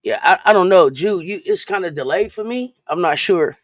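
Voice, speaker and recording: Mujer charlando suelta en directo, voz seca. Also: female voice, on the low side, lively intonation, normal speed, dry recording. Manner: loose and chatty, repeats and restarts phrases, greets viewers in chat. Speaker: sports talk live-stream host. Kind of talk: casual live-stream chat.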